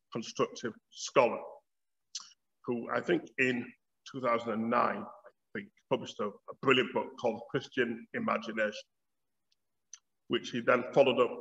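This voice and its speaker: A Yorkshire-accented man in his fifties gives a public lecture, mixing argument with wry stories. His voice sits at an ordinary middle pitch. The recording is a little dull and trails off into the long echo of a hall. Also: gravelly, pushed and bright. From Bradford, Yorkshire, England. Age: 50s. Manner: storytelling, wry. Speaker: lecturer, theology professor.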